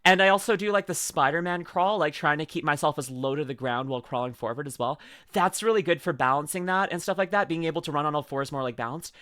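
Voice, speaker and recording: A man's voice: a little high, fast, a bit bright, no room sound, clean studio sound. A man streaming live, chatting casually and rambling playfully with lots of fillers while he reacts to a video.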